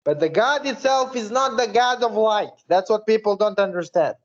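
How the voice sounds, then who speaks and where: A man's voice: high-pitched, lively intonation, moderate pace. A man hosting a podcast, chatting casually and profanely with a lot of fillers. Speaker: podcast host. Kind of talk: casual interview chat. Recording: dull lo-fi recording.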